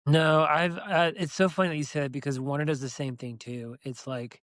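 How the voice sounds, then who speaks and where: Podcast guy w a higher voice, kinda hesitant, dry sound. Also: fairly even intonation, normal speed, a bit bright, no echo. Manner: hesitant, searching for words. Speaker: podcast co-host. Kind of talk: casual chat.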